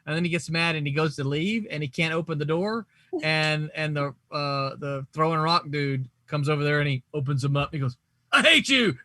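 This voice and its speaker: A man hosting a casual group chat about comics, telling stories with lots of laughter and acted-out quotes. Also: a little high. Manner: animated storyteller, laughs often, acts out quotes. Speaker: podcast host.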